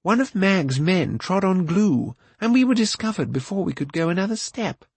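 A man voicing an excitable male bard in an audiobook, with a husky, breathless manner and a pitch raised above his own narration. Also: normal speed, no room sound, heavily acted. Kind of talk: audiobook character voice.

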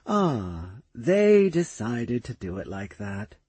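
A man reading the part of a drowsy, tired goddess in an audiobook, speaking slowly and sleepily. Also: medium pitch, animated, dark tone, breathy edge, no echo. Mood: sleepy. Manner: slow, sleepy and unhurried.

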